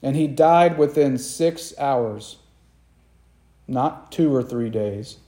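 A man's voice: mid-range voice, slow, dark tone. A man preaching a sermon, retelling a scene dramatically and repeating key phrases for emphasis.

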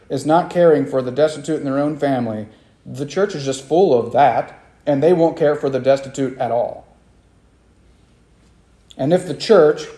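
A man's voice: fairly high pitch, warm tone, echoey room. A man preaching a sermon as pastor, earnest and emphatic, driving points home by repeating them.

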